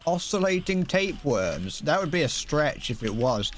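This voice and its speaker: A man's voice: on the high side, very animated, moderate pace, slight background noise. Rambling, playful young man streaming a game. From Britain. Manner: rambling, playful, hums to himself while playing. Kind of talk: casual gaming stream chat.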